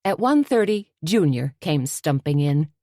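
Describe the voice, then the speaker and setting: A woman narrating an audiobook in a steady, even way. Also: low-pitched, a little slow, no echo, clean studio sound.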